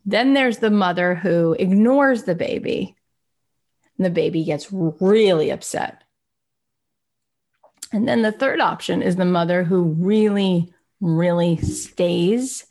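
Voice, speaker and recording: Woman talking openly about feelings, lowish gravelly voice, thoughtful. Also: warm tone. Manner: candid and reflective. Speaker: speaker. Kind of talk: personal motivational talk.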